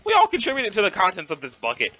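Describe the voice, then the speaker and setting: A man's voice: high voice, wildly swooping pitch, fast, bright, forceful tone, muffled recording, exaggerated voice. A man voicing a cheerful, goofy teenage boy reading out his own friendly, upbeat letter.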